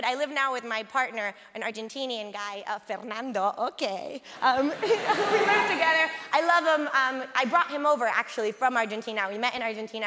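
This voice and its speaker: A woman doing stand-up on a theatre stage, deadpan and frank, repeating her lines for effect. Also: a little high. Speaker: stand-up comedian. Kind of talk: stand-up comedy. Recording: echoey theatre hall, loud noise.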